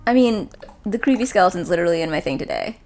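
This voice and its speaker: Lively, gravelly-voiced woman gamer. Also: lowish voice, fast, faint music behind. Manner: chatty, talks to game characters. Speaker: video game player. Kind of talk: casual gameplay commentary.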